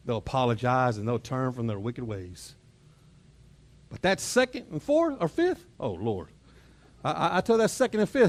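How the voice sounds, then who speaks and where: A man's voice: mid-range voice, sing-song, normal speed. A middle-aged man with a Texan accent, preaching a conversational sermon, often repeating words and chuckling as he acts out family moments. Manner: chuckles and mimics family exchanges. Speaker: pastor. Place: church auditorium.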